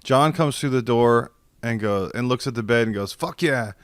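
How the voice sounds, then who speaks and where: A man's voice: mid-range voice, normal speed, clean tone, no echo. A man telling a long funny story in casual chat over a video call, acting out the quotes and laughing often. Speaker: podcast guest. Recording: dry video call audio.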